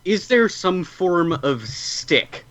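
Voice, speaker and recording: Slow, lively-pitched man on lo-fi mic. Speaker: player. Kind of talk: casual chat in a tabletop game. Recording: dull lo-fi mic.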